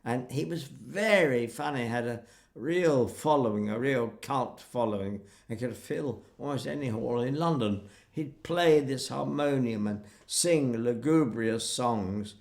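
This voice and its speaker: Gravelly older man telling stories. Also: medium pitch, measured pace. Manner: animated storyteller acting out quotes. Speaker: interviewee. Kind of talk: reminiscing conversation.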